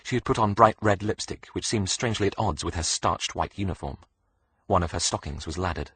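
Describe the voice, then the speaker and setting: A man narrating a thriller audiobook with a very deep, husky voice. His reading is steady and measured, and the recording is close and dry. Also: no room sound. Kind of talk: scripted narration.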